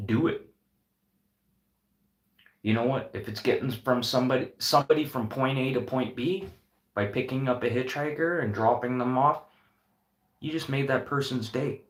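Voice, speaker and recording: A man's voice: medium pitch, normal speed, long pauses, reverberant. A man who owns a restaurant, giving an earnest, impassioned and heavily profane talk to the camera. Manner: earnest, heavy swearing, impassioned. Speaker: restaurant owner. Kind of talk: unscripted motivational vlog talk.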